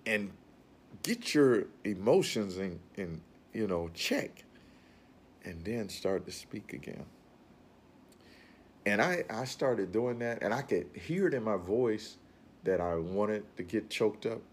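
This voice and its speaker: A man with a very low, deep voice gives an informal motivational talk. He speaks earnestly and rambles, often repeating his words as he works toward a point. Faint room ambience sits behind him. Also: expressive, takes it slowly, a little hiss or hum.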